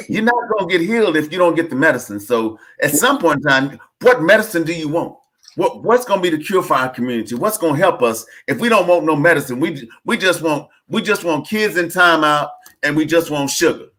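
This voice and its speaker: A man hosting a casual conversation, telling stories in an animated, preachy way. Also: a little high, a little fast. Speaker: podcast host.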